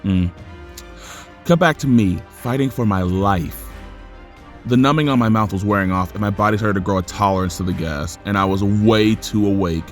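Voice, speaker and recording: A young man vlogging a storytime, animated and exasperated, his voice jumping up when he rants. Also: lowish voice, moderate pace, faint music behind. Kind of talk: storytime vlog.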